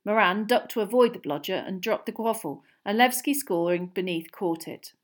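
A woman's voice: medium pitch, moderate pace. Woman narrating a storybook. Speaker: audiobook reader.

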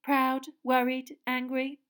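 A woman voicing a brisk, prying female gossip journalist who talks over others. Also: high-pitched, monotone, a bit bright, pitched above the performer's own voice. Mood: pushy.

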